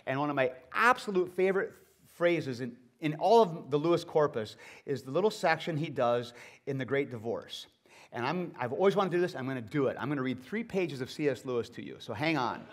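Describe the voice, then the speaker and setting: A man, a seminary professor, giving a lively lecture to an audience with enthusiastic, chatty asides. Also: a little high, a little fast. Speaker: seminary professor speaking at a gathering.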